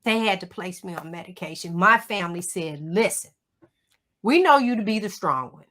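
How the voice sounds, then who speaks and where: Bright-voiced woman telling a grief story. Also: lowish voice, moderate pace. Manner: emotional, animated storytelling with Southern turns of phrase. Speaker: guest. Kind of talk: personal storytelling. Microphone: livestream call.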